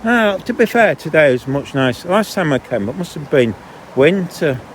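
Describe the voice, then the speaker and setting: A man's voice: fairly high pitch, expressive, normal speed, a little hiss or hum. Grumbling man on a dog walk. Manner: chatty, grumbling, breaks off mid-sentence. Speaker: vlogger. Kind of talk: casual walking vlog monologue. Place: outdoors on a canal towpath.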